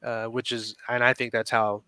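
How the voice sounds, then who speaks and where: A man guesting on a podcast who rambles and hesitates, leaning on plenty of fillers. His voice is bright and crisp. The sound is dry and close, with no room echo. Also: medium pitch, flat delivery, normal speed. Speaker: podcast guest, business owner. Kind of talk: casual podcast chat.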